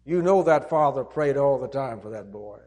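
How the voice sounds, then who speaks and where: A man's voice: medium pitch, expressive, normal speed, darkish tone. A man preaching a sermon, retelling a parable in an earnest, emphatic storytelling manner.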